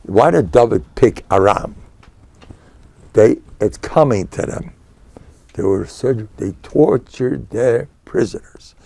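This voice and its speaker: Older American rabbi, gravelly and animated. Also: male voice, medium pitch, slow pace. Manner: digressive, animated storytelling with Yiddish and Hebrew terms. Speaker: rabbi and spiritual mentor. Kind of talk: Torah lecture.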